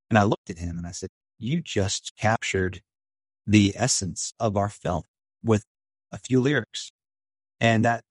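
A man's voice: on the low side, dry recording. A man in an interview telling a story with enthusiasm, acting out quotes in a raised voice. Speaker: film director and writer.

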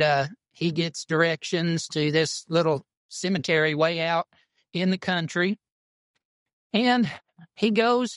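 A pastor, a man who talks in a folksy, drawling storytelling way. His voice sits somewhat high for a man, and the recording is dry and close with no room sound. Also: fairly bright tone, no echo. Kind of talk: casual podcast chat about church.

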